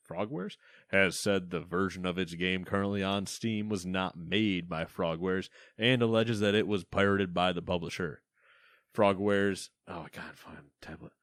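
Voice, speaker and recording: A man's voice: low-pitched, fairly bright tone, no echo, studio quality. A man co-hosting a casual gaming podcast, reading news items with a playful, teasing manner and a mock anchor tone. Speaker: podcast co-host.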